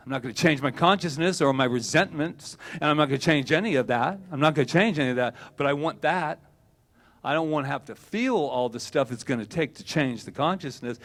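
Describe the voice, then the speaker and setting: Animated male minister, slightly higher voice. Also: brisk. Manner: animated, acts out quoted voices, swings loud and soft. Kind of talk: sermon. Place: church service hall.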